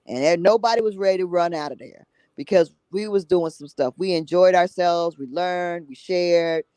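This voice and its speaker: A woman's voice: on the low side, moderate pace, warm tone, clear, resonant tone, no room sound, low-quality recording. A woman speaking as a guest on a talk show, emphatic and blunt, repeating herself and tagging her points with "okay?". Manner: emphatic, repeats herself, drops tag 'okay?'; blunt, salty language. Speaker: guest, summit organizer. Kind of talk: passionate conversational talk.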